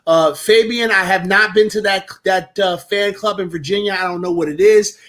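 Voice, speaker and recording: Joking man from New Jersey, fairly high voice. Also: normal speed. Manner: relaxed, joking trash talk with restarts. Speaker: guest sports streamer. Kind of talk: casual sports talk.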